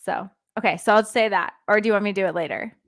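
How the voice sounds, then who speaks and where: A woman's voice: medium pitch, quick pace. A woman co-hosting a casual podcast, chatty and playful. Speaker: co-host. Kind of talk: casual chat.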